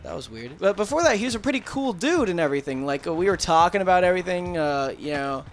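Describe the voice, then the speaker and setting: A man's voice: sits high, very animated, fast. A young man chatting casually while streaming a game, telling a rambling story with frequent laughs and swearing. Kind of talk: casual gaming chat.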